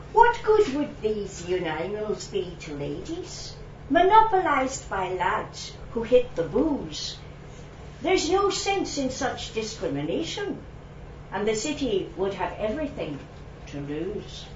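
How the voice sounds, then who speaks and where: Belfast-accent woman doing a cheeky poem, slow and singsong, roomy muffled sound. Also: medium pitch, big pitch swings, slight background noise. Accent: Belfast (put on). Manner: slow, lilting, playful delivery. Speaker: open-mic poet. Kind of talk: humorous poetry reading. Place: echoey venue, live event. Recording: echoey room, distant, dull sound.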